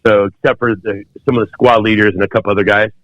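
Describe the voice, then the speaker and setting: A man in his fifties with a lowish voice tells a long story as a podcast guest, rambling through fillers and restarts. The audio is dull and very dry. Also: fairly even intonation, fast talker, a bit bright, dry recording. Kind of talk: storytelling in conversation.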